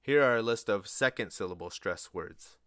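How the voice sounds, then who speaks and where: A man giving a spoken language lesson, slow and deliberate, pronouncing each word on its own. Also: on the low side, lively intonation, fairly bright tone, smooth, no echo, studio quality. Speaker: language teacher.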